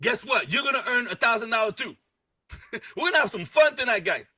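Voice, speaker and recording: A man giving an energetic live sales pitch, repeating key words and joking with his chat audience. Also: a little fast, breathy edge. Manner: energetic, repetitive, salesy, playful asides. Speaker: presenter pitching a travel membership.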